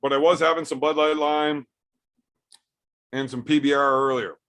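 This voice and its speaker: A young man on a livestream, talking loose and profane as he reads out chat messages. His voice sits a little higher than most men's, and his delivery is blunt and joking, with plenty of cursing. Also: fairly even intonation, normal speed, fairly bright tone. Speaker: streamer reading live chat.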